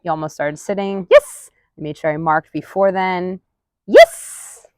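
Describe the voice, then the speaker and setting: A woman dog trainer narrating a training session, murmuring quiet asides and counts, then calling out loud, high-pitched praise to her dog. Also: steady tone, fairly quick, smooth, no echo. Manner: counts softly under her breath. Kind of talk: live commentary during a dog training session.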